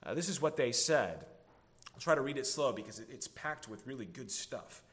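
A man preaching an earnest sermon as a pastor, slowing down to stress key words. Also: mid-range voice, expressive, a bit bright. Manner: earnest preaching, slows down for emphasis.

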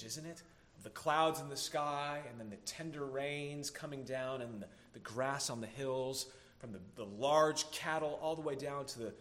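A man preaching an earnest sermon as a pastor, slowing down to stress key words. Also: mid-range voice, a bit bright. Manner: earnest preaching, slows down for emphasis.

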